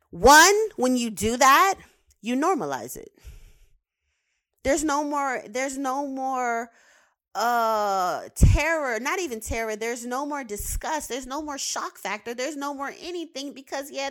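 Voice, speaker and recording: Woman going off on a casual rant, voice a bit on the high side, swearing a lot and repeating herself to drive it home. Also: a bit bright. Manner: heated, profane, repeats words for emphasis. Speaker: commentator; behavioral science professional with clients. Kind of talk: casual ranting commentary.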